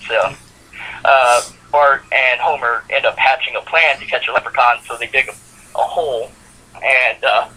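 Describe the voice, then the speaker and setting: On a roughly recorded podcast, a male co-host with a mid-range, bright, forceful voice casually recaps a cartoon episode. His intonation stays fairly even at a moderate pace as he rambles through the plot, full of fillers and laughs.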